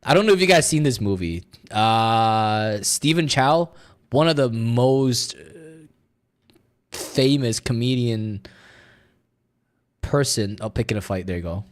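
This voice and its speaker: A man's voice: medium pitch, expressive, measured pace. A man streaming live, chatting casually to viewers and rambling with fillers as he looks for something to show them. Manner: rambling, searching aloud with fillers.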